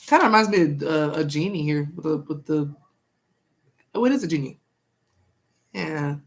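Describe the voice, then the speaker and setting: A woman's voice: deep voice, normal speed. A young woman doing a casual live-stream tarot reading, chatting with viewers and repeating herself.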